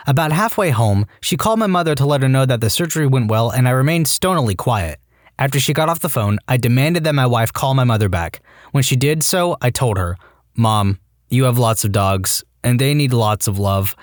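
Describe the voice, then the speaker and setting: A man reading online stories aloud as a scripted narration, animated and given to comic rants. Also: mid-range voice, fairly quick, no echo, clean studio sound. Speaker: story narrator.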